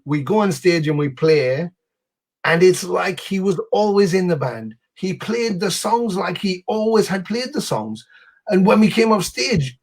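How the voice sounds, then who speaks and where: Man, gravelly, husky, slightly high voice, lively sweary storytelling, video call. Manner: animated anecdotes, swears freely. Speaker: musician guest. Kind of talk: casual storytelling.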